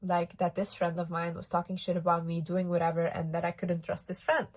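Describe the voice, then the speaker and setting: A young woman speaks straight to camera, telling a personal story in a loose, confiding way. Her voice sits a little lower than most women's. She leans hard on the key words and lets curses slip without a second thought. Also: monotone, brisk. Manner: candid, emphatic and swears freely. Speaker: vlogger.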